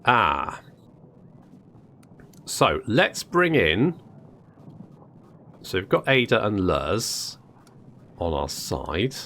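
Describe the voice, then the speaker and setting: A man's voice: on the low side, big pitch swings, slow, pauses often, fairly bright tone, a little hiss or hum. A man casually commenting on a game he is playing, joking and thinking aloud. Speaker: gaming video host.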